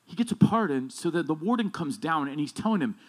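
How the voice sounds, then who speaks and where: The male pastor here has lively intonation and a quick pace, preaching casually and conversationally with rambling restarts and asides. Stressing key points, he gets emphatic, louder and higher-pitched.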